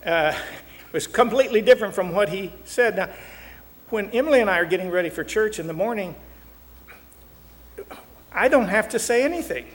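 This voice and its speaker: A man's voice: high voice, lively intonation, normal speed, pauses often. Joking older man, echoing room. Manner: folksy, joking, acts out quotes. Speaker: marriage counselor. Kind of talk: talk show teaching.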